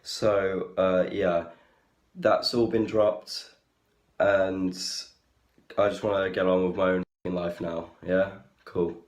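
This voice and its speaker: A man talking casually to camera in a rambling, halting, defensive way. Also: low-pitched, flat delivery, a little mellow, reverberant, lo-fi sound. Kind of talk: casual talking-head video.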